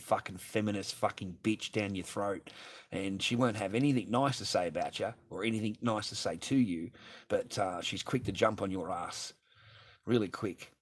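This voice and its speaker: A man, ranting profanely and repetitively in a livestream monologue from his garage. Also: fairly low pitch.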